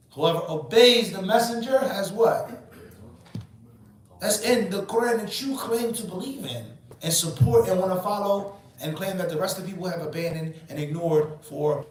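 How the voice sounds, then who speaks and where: Man, forties, religious teacher, emphatic, rhetorical questions, fairly high voice, very echoey room, distant mic. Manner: asks rhetorical questions and answers them; emphatic and preachy. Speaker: Islamic teacher. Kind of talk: lecture.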